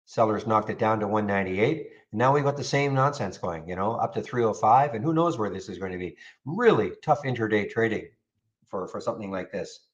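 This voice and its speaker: A man's voice: on the low side, lively intonation, a little fast, dull audio. A man hosting a live trading room, chatting casually over charts and answering viewers, often repeating words as he talks. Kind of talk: live stream commentary on charts.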